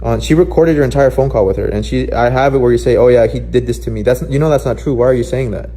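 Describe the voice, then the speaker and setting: A man's voice: medium pitch, fast talker, warm tone, a little hiss or hum. A man on a recorded phone call, insistently repeating his accusing questions and talking over the other person. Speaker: caller confronting a woman.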